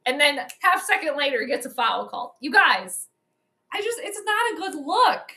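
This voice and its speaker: A young woman hosting a livestream, giving chatty and excitable commentary on a basketball game straight to her viewers. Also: sits high, moderate pace. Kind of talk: casual live commentary.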